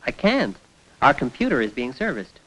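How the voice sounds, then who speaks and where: A man's voice: mid-range voice, very animated, normal speed, fairly bright tone, poor audio. An actor voicing a young, curious male Earthman assistant working on Mars in a 1960s cartoon.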